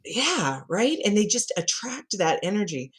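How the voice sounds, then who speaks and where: A middle-aged woman, a communication coach, chatting as a podcast guest and telling animated stories with frequent laughter. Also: medium pitch, measured pace, husky. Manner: lively storyteller who laughs often and acts out quotes. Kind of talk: conversational podcast interview.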